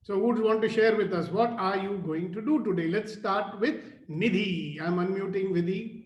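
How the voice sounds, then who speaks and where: A high-voiced man leads a morning group video call. He coaxes his listeners with question after question and laughs often. The call audio sounds echoey and roomy. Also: normal speed, muffled recording. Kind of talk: motivational group talk on a call.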